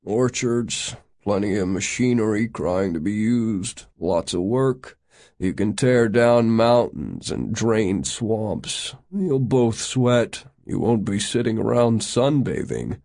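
A man voicing a dour, grumbling older man who speaks curtly and low. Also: expressive, creaky, a little mellow, heavily acted. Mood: sour. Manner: curt, grumbling, slow and low.

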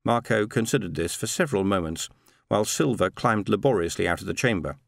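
A man narrating a science fiction story in a steady, measured reading. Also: lowish voice, gravelly, dry recording, studio quality. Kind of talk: audiobook narration.

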